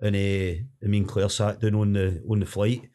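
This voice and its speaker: A man's voice: fairly low pitch, normal speed. A man, a plumber, telling anecdotes in casual chat and acting out the voices of people in his stories. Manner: animated anecdotes with quoted voices. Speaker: guest, plumber.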